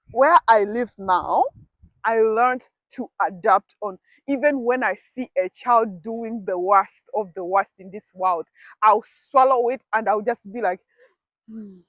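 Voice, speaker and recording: A woman's voice: fairly high pitch, measured pace, a bit bright, dry recording. A woman telling a casual storytime vlog, chatty and dramatic, often talking to herself. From grew up in a village abroad. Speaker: vlogger.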